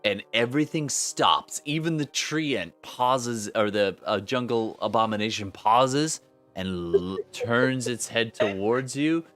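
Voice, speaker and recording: A man's voice: medium pitch, measured pace, fairly bright tone, faint music behind. A man running a tabletop game as game master, narrating with frequent fillers, restarts and laughs.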